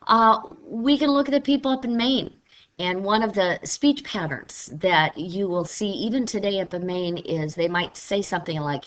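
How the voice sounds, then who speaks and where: This recorded classroom lecture features a literature teacher from Missouri speaking conversationally at a moderate pace in a mid-range voice. Every so often she mimics regional speech for fun.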